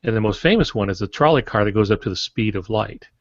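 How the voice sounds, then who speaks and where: A man's voice: fairly low pitch, lively intonation, quick pace, lo-fi sound. A man co-hosting a writing podcast, explaining ideas through anecdotes with some hesitation. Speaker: podcast co-host. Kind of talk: casual writing podcast chat.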